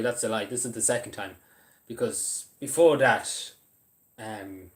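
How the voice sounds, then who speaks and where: A man's voice: lowish voice, a little slow. A man chatting casually on a livestream, hesitant and apologetic, with many fillers, eating while he talks.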